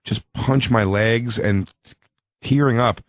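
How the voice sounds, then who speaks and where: A man's voice: mid-range voice, slow pace, no echo, clean studio sound. A man hosting a talk radio show in casual comedic banter, laughing and acting out noises and quotes.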